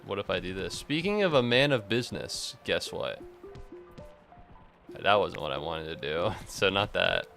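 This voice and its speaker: A man's voice: on the low side, creaky, fairly bright tone. A young man in his twenties, a college student chatting casually on a live stream, rambling, swearing freely and laughing often. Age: 20s.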